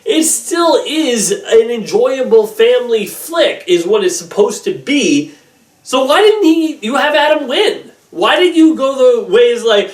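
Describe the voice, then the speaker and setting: A man rambles through a casual film review, his pitch leaping up and down. He sounds a bit off the mic in a roomy, echoing space. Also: unhurried, recorded from a distance. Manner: animated and rambling, with many fillers.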